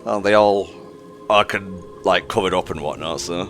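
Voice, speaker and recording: A man's voice: low voice, moderate pace, fairly bright tone, slight background noise. A young man playing a video game and chatting casually, with dry, jokey asides. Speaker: gamer playing through the game. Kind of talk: casual let's play commentary.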